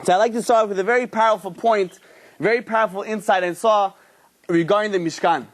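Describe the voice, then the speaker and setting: A man, a rabbi, giving a Torah class and telling a story, acting out the characters with lively energy. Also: high voice, fairly quick.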